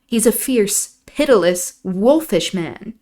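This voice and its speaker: A woman reading aloud, voicing a proud, sharp-tongued young lady of the house in a raised, emphatic voice. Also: mid-range voice, lively intonation, slow pace. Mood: scornful. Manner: scornful, emphatic.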